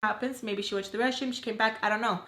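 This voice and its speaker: A young woman vlogger telling a personal story in casual chat, animated and full of filler words. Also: fairly high pitch, fast. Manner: chatty, animated, lots of "like" fillers. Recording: roomy echo.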